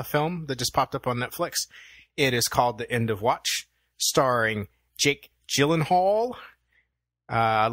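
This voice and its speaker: Young male podcast co-host, mid-pitched, bright and punchy, loose and conversational, recorded dry. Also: no echo. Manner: easygoing, thinks aloud with many "um"s. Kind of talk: casual film review chat.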